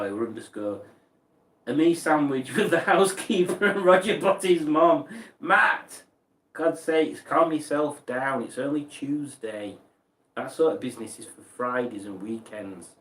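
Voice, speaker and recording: A man's voice: mid-range voice, distant mic. A man, chatting casually on a stream as he reads out viewers' messages and rambles along with mock outrage. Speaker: streamer reading chat. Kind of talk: casual livestream chat. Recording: echoey room, voice from off mic.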